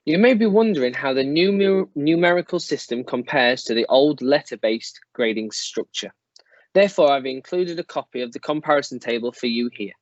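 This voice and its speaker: A man reads a prepared school presentation in a steady, formal, explanatory way, in a middle-pitched voice. The recording is dry and close, with a slightly dull, muffled quality. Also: no echo. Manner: measured, formal, explanatory delivery. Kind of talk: scripted presentation to parents.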